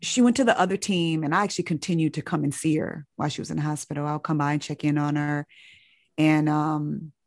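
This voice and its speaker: A woman's voice: sits low, fairly even intonation, fairly quick, no echo, studio quality. A woman doctor telling a reflective story in an earnest, searching way, often restarting her sentences.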